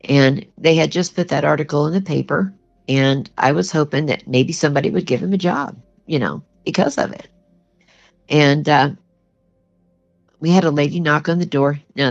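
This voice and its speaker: A woman's voice: low voice, gravelly. An older woman telling a personal story as a guest, earnest and plainspoken, with lots of "you know" in her talk. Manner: earnest, plainspoken, conversational with many you-knows. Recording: dull lo-fi sound with faint music.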